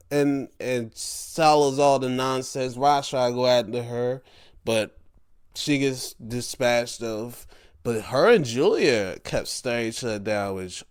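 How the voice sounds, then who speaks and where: Slow, animated man reviewing wrestling. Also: smooth. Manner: excitable, swings into high-pitched reactions, laughs. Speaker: show host reviewing wrestling. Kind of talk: casual solo review.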